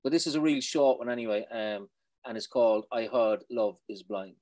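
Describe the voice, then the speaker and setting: A man from Ireland, a poet, chatting in an interview, quick and self-deprecating, trailing off softly. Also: medium pitch. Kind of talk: casual interview chat.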